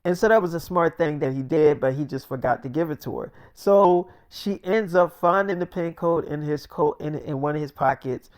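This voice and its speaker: A man's voice: on the high side, normal speed, few pauses, clean tone. A man casually recapping a game playthrough, profane and rambling with offhand asides. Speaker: storyteller.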